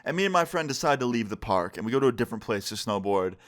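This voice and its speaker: A young man casually telling a story time to his viewers, acting out the quoted lines with jumps in pitch. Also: lively intonation, rapid-fire, a bit bright.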